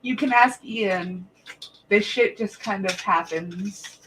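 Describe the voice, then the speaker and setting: A woman's voice: medium pitch, takes it slowly, fairly bright tone, slight background noise, poor audio. Profane, giggly woman livestreaming from home. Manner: chatty, profane, laughs often. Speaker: livestream host. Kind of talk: casual livestream chat.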